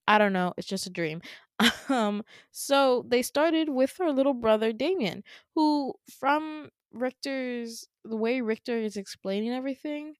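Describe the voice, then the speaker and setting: A woman's voice: fairly high pitch, dry recording, studio quality. A young woman, a podcast host, tells a dream story casually, with lots of fillers and laughing asides.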